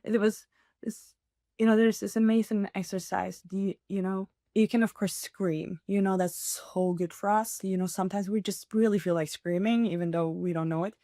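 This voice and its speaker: A woman's voice: medium pitch, fairly even intonation, normal speed, mellow, dry recording. Encouraging woman podcaster, dry close sound. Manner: earnest, encouraging, laughs often, many fillers. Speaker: podcast host. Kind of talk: casual solo podcast talk.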